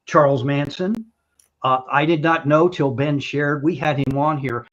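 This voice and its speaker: A man's voice: on the high side, steady tone, measured pace, fairly bright tone, dull audio. An older man hosting a casual talk show, talking in a chatty, rambling way with restarts and little jokes. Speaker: show host.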